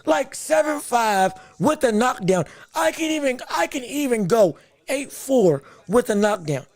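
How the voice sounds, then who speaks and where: Male livestream host with a very high, dry, close-miked voice. Excitable fight commentator who repeats himself and shouts at big moments. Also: measured pace, dry recording. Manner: greets viewers from the live chat. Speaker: podcast host reacting to a boxing decision on a livestream. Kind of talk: live fight commentary and chat.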